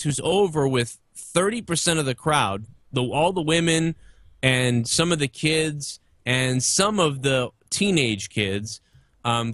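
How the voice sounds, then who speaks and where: A man's voice: mid-range voice, fairly bright tone, no room sound. A man in his thirties talking casually and opinionatedly about wrestling, rambling and swearing freely. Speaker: podcast guest.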